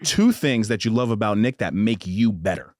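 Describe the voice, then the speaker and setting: A man's voice: lowish voice, animated, moderate pace, darkish tone, no echo, studio quality. A man hosting a podcast, chatting casually and playfully, laughing often. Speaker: podcast host. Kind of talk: casual interview chat.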